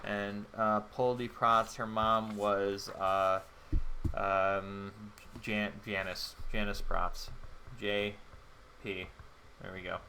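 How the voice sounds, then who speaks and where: A man's voice: fairly low pitch, flat delivery, slow, sharp tone, slight background noise. A man playing a solo tabletop game on his channel, thinking aloud in a rambling way with many fillers. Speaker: solo game player and host. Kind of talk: solo tabletop game play-through narration.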